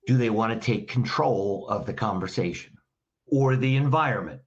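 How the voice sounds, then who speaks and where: A man's voice: fairly low pitch, lively intonation, moderate pace, dull audio. A man, a trainer and podcast guest, explaining behavior in a direct, instructive way and firing off rhetorical questions.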